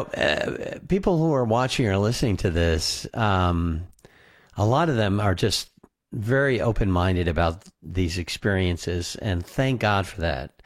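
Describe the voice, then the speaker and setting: A podcast host responds thoughtfully to his guest's story and speaks affirmingly to his listeners. His voice sits on the low side, and the recording is dry and close. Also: dry recording. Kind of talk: casual interview chat.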